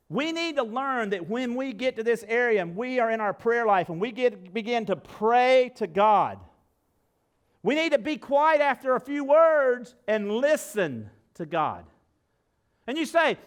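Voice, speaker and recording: Man, pastor, high voice, sermon, folksy, animated, loud and soft swings, asks the congregation questions, church. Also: a little slow. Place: church sanctuary.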